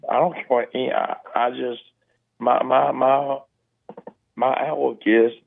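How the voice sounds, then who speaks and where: A man with a Southern accent calling in, mumbling and talking fast in casual chat. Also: mid-range voice, flat delivery, vocal fry. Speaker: caller. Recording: tinny phone line.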